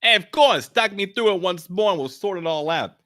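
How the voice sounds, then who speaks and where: A man playing a young man from Brooklyn, Brooklyn accent, high, bright, loud and streetwise. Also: expressive, moderate pace. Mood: brash reassuring. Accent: Brooklyn put-on.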